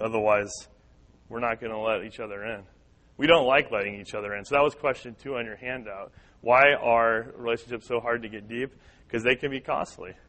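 A man's voice: mid-range voice, fairly bright tone, low-quality recording. A man teaching a church class on listening in personal ministry, earnest and repetitive, acting out the voices of people he quotes. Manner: earnest, repeats key points, acts out quoted voices.

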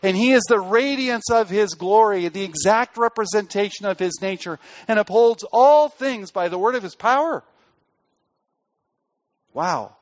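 A man preaching a sermon as pastor, pressing hard on key words and then dropping his voice low and quiet. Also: lively intonation, a little slow, muffled recording.

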